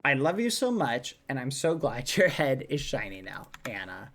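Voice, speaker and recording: A woman streamer, softly reading fan messages aloud, laughing often. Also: extremely low pitch, big pitch swings, moderate pace, slight background noise. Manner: soft, affectionate, laughs often.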